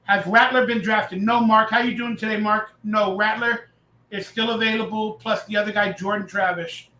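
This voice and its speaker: Excitable high-voiced male stream host. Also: normal speed, reverberant, poor audio. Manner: loud, excitable, reads chat aloud. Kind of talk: casual live reaction chat.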